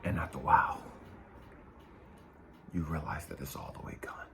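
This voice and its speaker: A man giving an emotional motivational talk, dropping to hushed whispers and rising to cracking cries, swearing hard. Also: very deep voice, steady tone, normal speed, over music. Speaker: motivational speaker and life coach.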